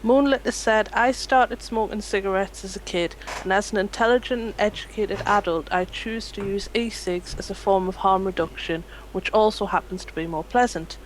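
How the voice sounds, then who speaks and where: A woman with a mid-range voice reads viewer comments aloud at a brisk pace. She sounds lightly amused, and faint noise murmurs in the background. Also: mid-range voice, fairly even intonation, poor audio. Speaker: chat reader.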